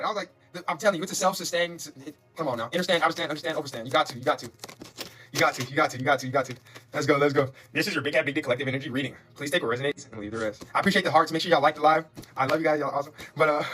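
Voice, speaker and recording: Fast-talking excitable male tarot reader. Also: high-pitched, soft background music. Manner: fast, repetitive, emphatic and excitable; spiritual, preacher-like affirmations. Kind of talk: live-streamed tarot reading.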